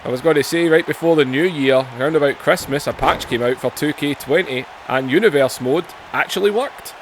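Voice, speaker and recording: A man hosting a gaming channel, giving excitable play-by-play on a wrestling video game with self-mocking asides and jumps in pitch on big moves. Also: brisk, slight background noise.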